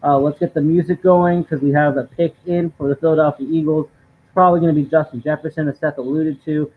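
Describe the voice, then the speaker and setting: A man's voice: fairly high pitch, steady tone, brisk. A man co-hosting a live stream from home, giving upbeat, talkative sports commentary with many fillers. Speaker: co-host of a live draft stream. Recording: tinny lo-fi stream audio with faint noise.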